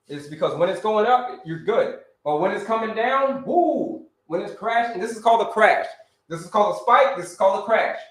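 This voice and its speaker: A high-voiced man coaching viewers on a casual live stream, talking with energy and circling back over the same points. He grew up in Florida and keeps calling out to his audience. The sound bounces around an echoey room. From Orlando, Florida. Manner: energetic, repetitive, calls out to viewers. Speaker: health coach and livestream host.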